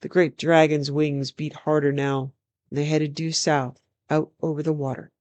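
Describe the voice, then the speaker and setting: A storyteller reading a fantasy novel aloud in a measured, even narration. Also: medium pitch, no room sound.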